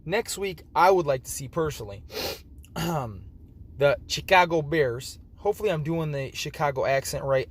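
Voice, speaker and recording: Late at night and tired, a man hosts a fantasy football league preview, rambling casually with slightly slurred speech and frequent self-corrections. His voice sits in the mid range, and the audio quality is poor.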